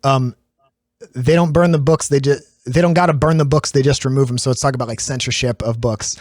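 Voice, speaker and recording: A man in his thirties hosting a podcast in casual conversation, lively, with many fillers and restarts. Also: medium pitch, a little fast, no room sound, studio quality. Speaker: podcast host.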